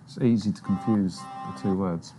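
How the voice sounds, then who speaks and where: A man co-hosting a casual chat, telling an animated story and jumping his voice up high to quote other people. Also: moderate pace, faint music behind. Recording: noisy background.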